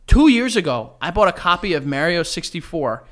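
A man's voice: a little high, very animated, normal speed, a bit bright. A man co-hosting a casual podcast, teasing and playful with exaggerated outbursts. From Colombian family. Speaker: podcast co-host.

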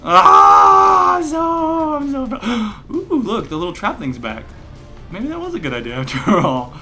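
A man's voice: high-pitched, very animated, normal speed. A man giving rambling, joking let's play commentary, breaking into mock rage and laughter. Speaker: gaming commentator. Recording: game music playing behind.

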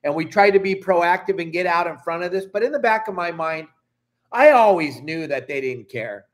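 A middle-aged Southern Californian who hosts a fishing channel is upset and goes on a heated vlog rant, angry and emphatic, swearing and then apologizing. His voice sits high, with lively intonation and normal speed.

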